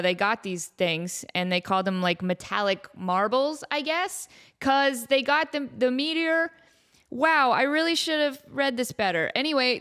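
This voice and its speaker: A woman's voice: on the high side, a bit bright, clean tone. A woman hosting her own podcast, chatting casually in a playful, self-mocking way with rambling asides. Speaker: podcast host. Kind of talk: casual solo chat.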